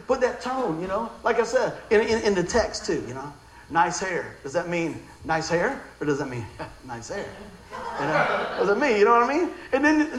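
A middle-aged man delivers a sermon with animated storytelling and lots of laughter. His voice sits high and leaps around. The room is echoey, with a faint hum of background noise. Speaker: pastor.

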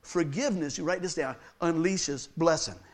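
A man preaching a lively sermon, telling personal stories, laughing often and acting out the people in them. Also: fairly high pitch, moderate pace. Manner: animated, laughs often, acts out voices of people in his stories.

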